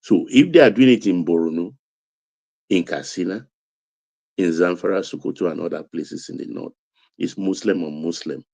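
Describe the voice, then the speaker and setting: A Nigerian-accented man talking politics in a low, dark voice. He drives his points home with emphatic repetition. The sound is dry and close. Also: moderate pace, gravelly, long pauses, no room sound. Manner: emphatic, building to raised intensity. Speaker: political commentator. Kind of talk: political commentary.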